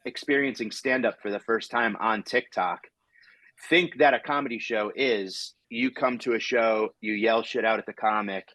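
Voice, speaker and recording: A man's voice: fairly low pitch, moderate pace, bright, forceful tone, no room sound, rough recording. Dry-sounding man in casual chat. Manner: rambling, restarts, acts out quoted exchanges. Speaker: comedian podcast host.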